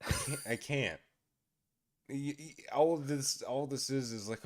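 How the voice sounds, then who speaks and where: A man's voice: medium pitch, unhurried, long pauses, no echo. A young man hosting a casual stream, reading posts aloud and reacting with frequent laughter.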